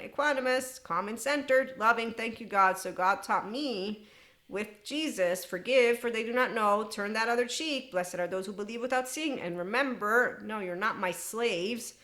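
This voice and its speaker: A middle-aged woman hosting a podcast, talking in an animated, unscripted monologue, laughing often and slipping into quoted voices. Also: medium pitch. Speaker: podcast host.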